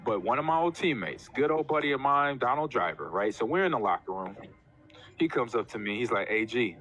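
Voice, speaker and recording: A man in his forties, a former professional football player, chatting casually as a guest and telling animated stories with acted-out quotes. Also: medium pitch, fairly quick, highs cut off, soft background music. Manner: animated storyteller, acts out quotes. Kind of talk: casual chat.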